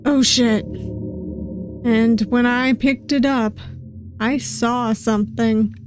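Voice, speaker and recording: Slow, musing woman streamer. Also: fairly high pitch, steady tone. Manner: musing, reads lines slowly with soft asides. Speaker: VTuber game streamer. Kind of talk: reading game dialogue aloud with commentary. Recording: game music playing behind voice.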